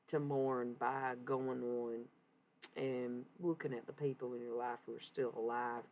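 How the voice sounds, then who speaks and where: A woman doing a casual livestream reading, rambling, excitable and profane. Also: extremely low pitch, creaky, a little hiss or hum, poor audio.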